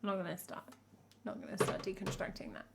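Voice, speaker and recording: A woman's voice: medium pitch, steady tone, fast talker, vocal fry, very noisy. A young woman from England, a singer-songwriter, chatting casually and wryly on a live stream as she reacts to a music video. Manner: chatty, wry, jokey asides.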